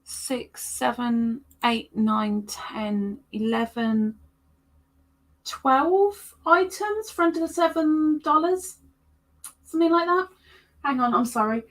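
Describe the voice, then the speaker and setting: A woman's voice: high voice, takes it slowly. A woman hosting a casual crochet livestream, chatting playfully with viewers and with her pets.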